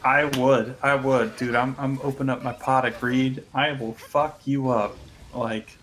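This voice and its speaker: A man's voice: medium pitch, flat delivery, a little slow, a bit bright. A man chatting casually on a gaming stream, rambling with frequent restarts and laughing often.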